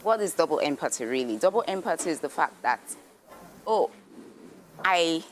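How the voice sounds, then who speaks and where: A woman with a lowish, lively voice explains child development on a morning show. She acts out parents' reactions as she talks. Faint noise sits under her voice in the studio. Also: normal speed. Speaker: guest expert on child development.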